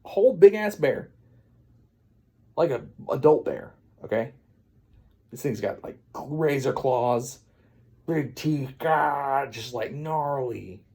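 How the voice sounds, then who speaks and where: A man rambling through an absurd comic retelling of a fairy tale, with deadpan asides. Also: mid-range voice, slow pace, slightly rough. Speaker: comedian storyteller.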